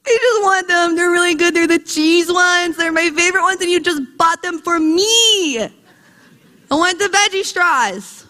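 A woman's voice: very high voice, unhurried, sharp tone, voice pushed up, full character voice. A woman voicing a hungry little boy who whines and pleads for a snack. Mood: whining. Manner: whining, pleading. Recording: long hall reverb.

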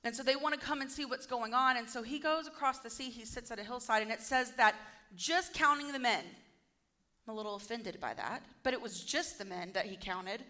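Telling her sermon like a lively story, a woman preacher speaks in a high, bright voice. She briefly voices each person in the tale, staying relaxed and conversational.

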